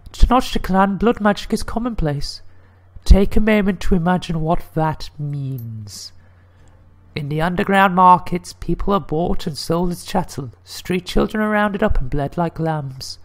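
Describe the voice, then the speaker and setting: A man voicing a nervous woman corporate executive from a video game in a high falsetto lady voice, with her fear held under composure. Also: expressive, measured pace. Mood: grave.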